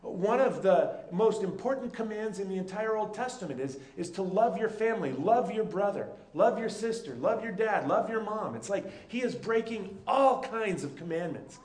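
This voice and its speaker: A man's voice: high-pitched, animated, normal speed, hardly any pauses, a little mellow, echoey room. A male pastor delivering a conversational sermon and often checking in with his listeners.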